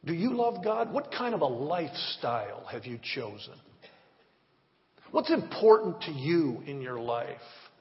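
A man's voice: a little high, very animated, measured pace. A man preaching and praying as a pastor, fervent and rhythmic, with repeated appeals. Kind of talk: sermon with prayer. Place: church hall. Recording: reverberant, dull church recording.

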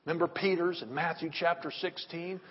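A man preaching a sermon, swinging between loud emphatic rises and hushed drops. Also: a little high, steady tone, brisk, slightly rough, long reverb tail, dull audio. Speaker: pastor.

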